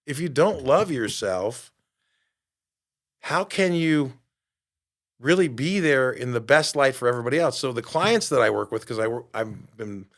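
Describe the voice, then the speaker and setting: A man in his fifties, a podcast host and fitness coach, giving an animated motivational monologue and acting out quoted voices. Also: mid-range voice.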